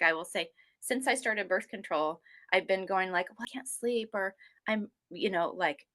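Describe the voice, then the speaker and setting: Bright-voiced chatty woman guest. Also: mid-range voice. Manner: rambling, animated, acts out quoted people. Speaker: guest sharing her health story. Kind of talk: casual interview chat.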